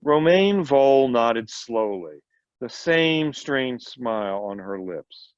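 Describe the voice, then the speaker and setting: A man's voice: mid-range voice, very animated, takes it slowly, smooth, dry recording. A man, a volunteer reader, reading a short story aloud with occasional slips and brief asides. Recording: dull lo-fi recording.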